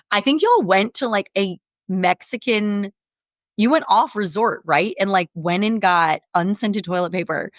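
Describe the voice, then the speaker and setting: A woman co-hosts a podcast and recalls a shared trip in vivid detail, quoting her friends. Her voice sits a little low. The recording is dry and close. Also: moderate pace, dry recording. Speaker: podcast co-host. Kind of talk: casual chat.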